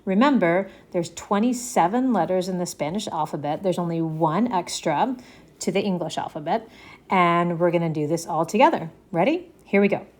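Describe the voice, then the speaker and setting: A woman's voice: lowish voice, moderate pace, a little mellow. A woman teaching a language lesson, leading the listener through letters to repeat after her, patient and encouraging, often checking in. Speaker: Spanish teacher.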